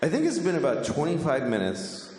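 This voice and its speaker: A man's voice: on the high side, wildly swooping pitch, a little fast, a little mellow. Stand-up man, exasperated storyteller, roomy echoey stage with noise behind. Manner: rambling, exasperated self-mockery. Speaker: stand-up comedian. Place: comedy club stage. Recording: echoey hall with background noise.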